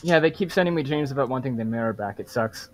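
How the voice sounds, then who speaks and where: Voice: medium pitch, lively intonation, fast. Wry, easygoing tabletop player. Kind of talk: casual tabletop play.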